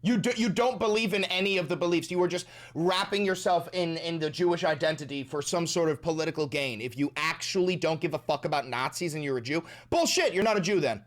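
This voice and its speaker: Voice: medium pitch, fast, hardly any pauses. A commentator heckling a video clip in crude, mocking, profane reaction commentary.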